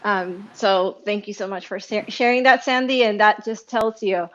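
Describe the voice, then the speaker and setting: A woman from Venezuela hosting a casual audio chat, speaking emotionally with halting restarts. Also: medium pitch, fairly even intonation, a bit bright. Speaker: host. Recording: dull lo-fi audio.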